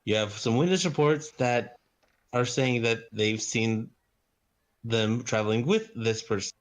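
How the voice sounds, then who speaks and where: A man's voice: mid-range voice, unhurried. A man playing a tabletop game, talking in a playful, joking way both in and out of character. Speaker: player.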